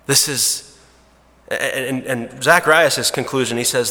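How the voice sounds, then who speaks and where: Bright-voiced preacher in a reverberant hall. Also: male voice, mid-range voice, measured pace. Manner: conversational, hesitant restarts, drops to a hushed voice for emotional moments. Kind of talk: sermon storytelling. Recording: long reverb of a large hall.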